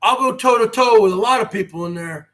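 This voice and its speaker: A brash man in his forties, hosting a livestream rant, who swears and swings from a quiet voice to a shout. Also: high voice, fairly quick. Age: 40s. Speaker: host.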